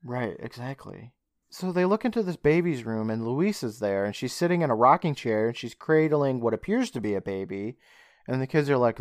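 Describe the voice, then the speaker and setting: A man's voice: mid-range voice, moderate pace, no room sound, clean studio sound. A man co-hosting a podcast, casually retelling a show's plot and acting out the characters' lines. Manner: animated retelling, acts out lines. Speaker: podcast co-host. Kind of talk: casual recap chat.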